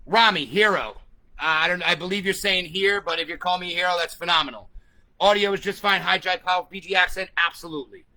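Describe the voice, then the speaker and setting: A man with a high, very bright and cutting voice rants to the camera, swearing freely and hammering each point home. He moves between combative tirades and answering viewer comments in a vlog. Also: quick pace, rough recording. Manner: profane, combative, emphatic. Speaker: vlogger. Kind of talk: ranting vlog, reading comments.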